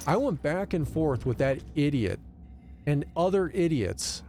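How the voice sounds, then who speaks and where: A man streaming a video game, telling stories in a loose, animated way and cursing often in casual commentary. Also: fairly high pitch, unhurried, a little hiss or hum. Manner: animated storytelling, profane rants.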